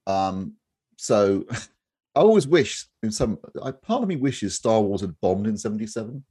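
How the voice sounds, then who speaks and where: Guy on a podcast, low husky voice, blunt and opinionated, swears a bit. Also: very animated, measured pace, warm tone. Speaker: home cinema reviewer. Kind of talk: casual podcast chat.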